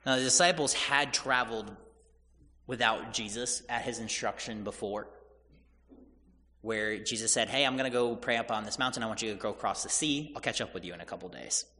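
A man's voice: medium pitch, fairly quick, sharp tone, in a large hall. A man preaching a sermon, retelling scripture in casual everyday paraphrase and acting out the people in the story.

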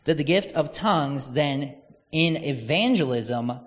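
A man's voice: a little high, animated, measured pace, big-room sound. A man preaching a casual, conversational sermon, telling stories and acting out quoted voices.

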